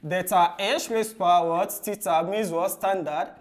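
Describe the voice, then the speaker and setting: A man teaching chemistry for exam preparation. He ends nearly every phrase with "what?" and then answers it himself in a low, soft voice. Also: moderate pace. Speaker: chemistry tutor. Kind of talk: exam-prep lesson.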